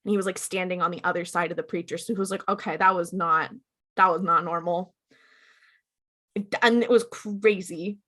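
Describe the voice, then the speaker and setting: A woman with a bright, forceful voice recaps a TV episode for a podcast. She talks casually and slips into the characters' lines as she retells the scenes. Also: lowish voice, moderate pace. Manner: animated, acts out characters' lines while retelling. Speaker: podcast co-host.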